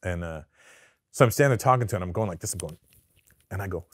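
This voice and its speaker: Canadian-raised man guest, lowish voice, dry studio sound, loose profane storytelling. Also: fast talker, no room sound. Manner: profane, animated storyteller who acts out quotes. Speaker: guest comedian. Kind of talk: casual interview storytelling. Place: studio sit-down interview.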